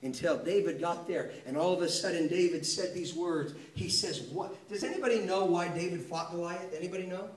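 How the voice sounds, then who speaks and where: A man preaching a sermon, telling a story with lively acted-out dialogue and direct questions to the congregation. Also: high voice, fairly quick, few pauses. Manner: animated storytelling, acting out biblical dialogue. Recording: echoey room, mic at a distance.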